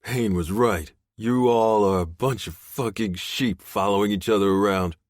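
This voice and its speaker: A man voicing a defiant, taunting male captive in an audiobook, pitched a little above his own deep voice. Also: moderate pace, no room sound, clean studio sound, natural voice. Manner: taunting, spitting insults.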